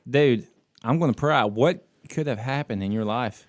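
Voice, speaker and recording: A laid-back man from the American South co-hosts a podcast over a video call. His voice sits in an ordinary middle pitch, and he tells stories casually, calling his friend dude. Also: moderate pace. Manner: storytelling, laid-back, says dude a lot. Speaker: podcast co-host. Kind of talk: casual chat.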